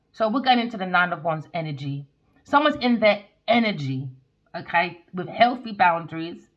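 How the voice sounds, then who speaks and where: A woman's voice: lowish voice, fairly bright tone. A woman giving a casual tarot reading to camera, chatty and tagging her lines with "okay?" and "all right?". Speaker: tarot reader. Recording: dull lo-fi sound.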